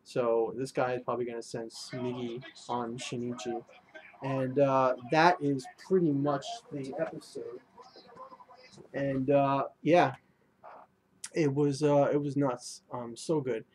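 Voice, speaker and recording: A man's voice: medium pitch, little pitch movement, takes it slowly, darkish tone, slight background noise. A young man reviewing an anime episode in a casual, rambling way, full of fillers and restarts.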